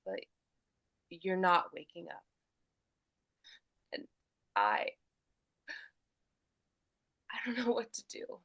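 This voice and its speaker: A woman voices a grieving person at a loved one's bedside, talking slowly and softly in a halting, choked way. The delivery is unhurried, with pauses where the voice catches. The sound is dry and close, with no room around it. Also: lowish voice, no room sound. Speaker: voice acting student. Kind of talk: scripted dramatic read.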